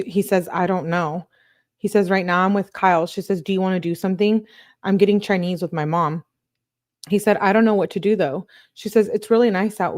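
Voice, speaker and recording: A woman's voice: on the low side, a little mellow. A woman reading text messages aloud in a casual way, breaking off for asides and disgusted reactions. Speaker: true crime commentator.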